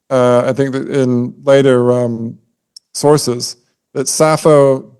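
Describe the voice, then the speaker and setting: A man talks through classical verse forms in a relaxed, explanatory podcast chat. His voice is mellow and dark, sitting at an ordinary pitch. He now and then sounds out rhythms with his voice to make a point. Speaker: podcast co-host. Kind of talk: casual scholarly discussion.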